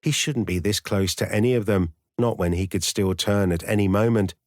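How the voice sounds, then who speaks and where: A man reading a dark romance audiobook as narrator, with a measured, even storytelling delivery on a close studio mic. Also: lowish voice, no room sound.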